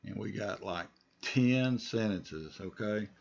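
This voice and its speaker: A man teaching English pronunciation, modeling words slowly and deliberately for the listener to repeat, with relaxed asides in between. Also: lowish voice, vocal fry, muffled recording. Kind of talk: pronunciation lesson with repeat-after-me drills.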